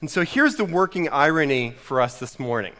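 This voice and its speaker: A man's voice: on the high side, animated, brisk, sharp tone, big-room sound. A middle-aged American man preaching a sermon, telling a story in a wry, self-mocking way. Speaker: pastor.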